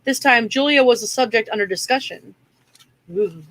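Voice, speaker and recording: High-voiced woman reading a novel aloud. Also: moderate pace, a bit bright, dry recording, low-quality recording. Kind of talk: reading aloud with casual chat.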